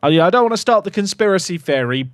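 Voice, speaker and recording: A young man streaming a football management game, commentating casually with sarcastic, excitable swings. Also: high-pitched, fast, dry recording, studio quality. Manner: animated, sarcastic, swings between excitement and mock despair. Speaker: gaming streamer.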